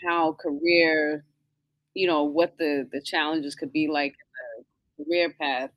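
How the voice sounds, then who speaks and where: A woman's voice: deep voice, fairly even intonation, measured pace, no echo, dull audio. A woman financial coach hosting a live show, chatting casually and thinking aloud as she searches for her words. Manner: thoughtful, searching for words with many fillers. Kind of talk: casual conversation.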